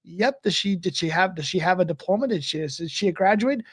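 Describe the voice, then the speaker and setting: A man's voice: high-pitched, expressive, a little fast, fairly bright tone, breathy edge, no echo. A man co-hosting a casual political chat podcast, chatty and wry. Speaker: podcast co-host.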